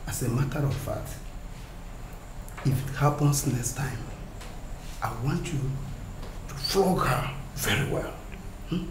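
A man's voice: medium pitch, expressive, slow pace, pauses often, reverberant, noisy background. An actor playing a father who soothes and defers to the principal, in Nigerian English. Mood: placating. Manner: placating.

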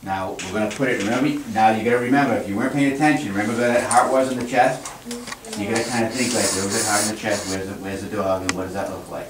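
A man with a fairly low voice patiently walks a class through a hands-on demonstration as a veterinarian. He sounds distant from the camera, in an echoey room with noticeable background noise. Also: fairly even intonation, fast talker. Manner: patient, encouraging instructions. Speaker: veterinarian teaching children.

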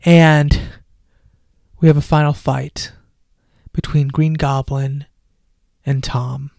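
A man giving an excited, casual film review on a headset mic, swinging from loud enthusiasm to hushed near-whispers. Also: on the high side, takes it slowly, creaky, pauses often, no room sound, clean studio sound.

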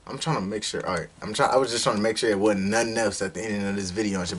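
A man reacting to a music video in a casual vlog, loud and excitable, full of street slang and swearing. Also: fairly low pitch, racing, few pauses, husky.

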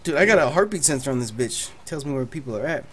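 A man hosting a live co-op game stream, loud and excitable, who swears freely. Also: mid-range voice, quick pace, heavy background noise. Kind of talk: excited gaming chat.

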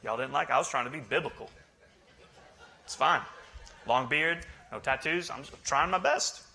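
Man, pastor, joking sermon, conversational, bright voice. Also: a little high, normal speed. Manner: joking, conversational, teasing the congregation. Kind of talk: humorous sermon.

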